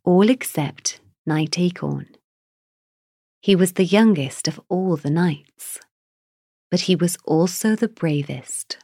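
A woman narrating a children's fairy tale in a measured, gentle reading style. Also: on the low side, dry recording, clean studio sound. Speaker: storyteller. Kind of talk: storybook narration.

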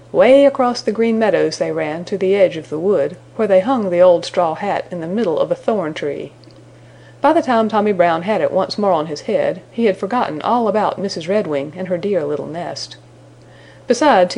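A woman reading a children's storybook aloud in a gentle, measured way. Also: fairly low pitch. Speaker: storybook narrator.

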